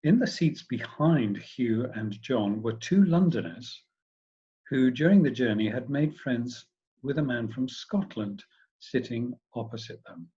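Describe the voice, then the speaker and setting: Man reading a funny story out loud, expressive, husky, muffled lo-fi sound. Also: mid-range voice, unhurried.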